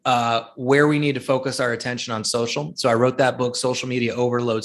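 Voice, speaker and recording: A man, a guest speaker and author, telling stories in an interview, acting out the people he quotes and often restarting his sentences. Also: mid-range voice. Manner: animated storyteller, acts out quoted people, many restarts. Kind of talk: storytelling interview answers.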